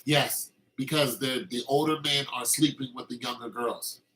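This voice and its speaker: In a rough recording, a podcast host delivers a heated, opinionated monologue, casual yet emphatic and full of restarts. His mid-range voice holds a steady tone at normal speed, sounding pushed and bright.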